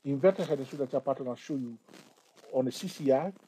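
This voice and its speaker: Man, chart tutorial, dark mellow voice, halting explanatory pace, faint background noise. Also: medium pitch, low-quality recording. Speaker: trading tutor. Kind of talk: screen-share chart tutorial.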